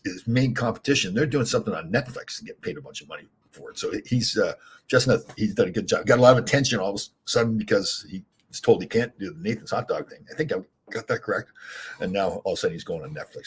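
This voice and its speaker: A man's voice: fairly low pitch, animated, fast, husky. An older man hosting his own talk show, rambling casually with many fillers and restarts while fighting off hiccups. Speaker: podcast host, former hockey player.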